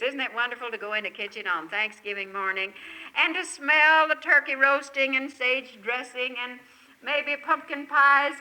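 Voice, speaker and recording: Bright-voiced older woman giving an effusive devotional talk. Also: a little high, poor audio. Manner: effusive, full of rhetorical questions. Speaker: camp speaker. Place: gathering at a lakeside retreat camp.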